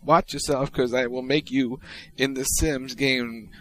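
A man co-hosting a podcast, reading out tweets in casual chat with a wry, deadpan delivery. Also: mid-range voice, unhurried, poor audio. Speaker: podcast co-host.

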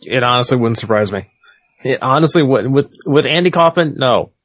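A man's voice: mid-range voice, expressive, brisk, fairly bright tone, no room sound. A man in casual chat, leaning heavily on fillers like "like" and restarting his sentences often. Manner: filler-heavy, many restarts. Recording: dull lo-fi sound.

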